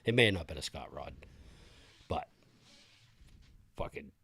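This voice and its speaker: A man's voice: rumbling low, lively intonation, unhurried, pushed and bright, breathy edge. A man co-hosting a casual podcast, telling loose stories full of swearing. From Maine. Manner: swears freely, storytelling, laughs at own stories. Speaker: podcast co-host. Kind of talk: casual chat.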